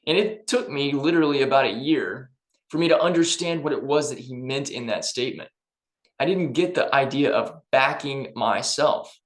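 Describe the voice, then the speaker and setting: A man's voice: mid-range voice, moderate pace, echoey room. A man giving an upbeat, emphatic motivational talk in a conversational way. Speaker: personal development vlogger.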